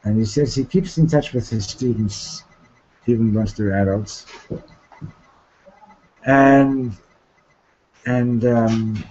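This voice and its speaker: Male teacher, mellow voice, storytelling lesson, stop-start delivery, muffled classroom recording. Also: mid-range voice. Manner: halting, repeats words and restarts, asks "Okay? Right?".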